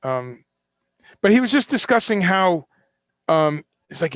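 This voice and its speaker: A man's voice: high-pitched, lively intonation, moderate pace, creaky, dry recording, studio quality. A man hosting a live-streamed solo talk, ranting with passion, swearing and firing off rhetorical questions. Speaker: host.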